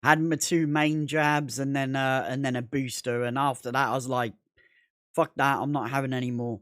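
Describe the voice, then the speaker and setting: A man talking loosely while he streams a game, circling back over the same points again and again and cursing freely. His pitch sits in an ordinary middle range. The sound is dry and close, with no room echo. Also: level tone, moderate pace, a bit bright, smooth. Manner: rambling, repetitive, heavy swearing. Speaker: gaming livestreamer. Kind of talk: casual gaming livestream chat.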